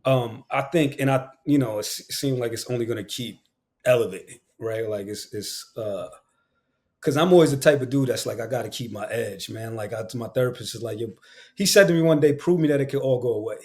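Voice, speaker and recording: This is a man from Queens, speaking at a middle pitch for a man. He chats as a podcast guest, and he is animated and slangy. He often doubles his phrases for emphasis. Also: fairly quick. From Queens, New York. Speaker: guest, actor and audiobook narrator. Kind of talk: casual podcast conversation.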